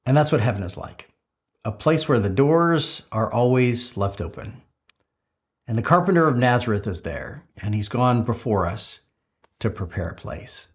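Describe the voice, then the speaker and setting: Middle-aged man, pastor, sermon, storytelling, medium pitch, halting with fillers. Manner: storytelling, with frequent filler "uh"s and restarts.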